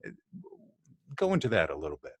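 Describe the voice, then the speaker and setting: A man interviewing a guest, asking long questions with halting starts as he searches for words. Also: sits low, huge pitch swings, husky, dry recording.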